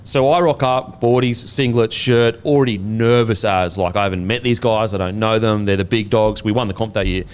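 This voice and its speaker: An Australian man in his thirties hosting a podcast, telling a story in a casual, animated way and swearing freely. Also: fairly low pitch, moderate pace, hardly any pauses, smooth. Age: 30s. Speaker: podcast host and former rugby league player.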